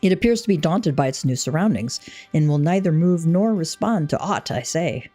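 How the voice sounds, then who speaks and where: A flustered young horse handler, put on by a woman reading game text, pitching up high and exasperated in formal, archaic speech. The voice swings widely and stays soft-toned. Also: animated, moderate pace, soft background music. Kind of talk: read-aloud game dialogue.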